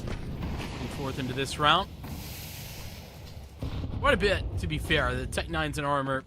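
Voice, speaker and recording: A man doing quick, vivid play-by-play commentary on an esports match. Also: a little high, background noise. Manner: quick, vivid calls of the action.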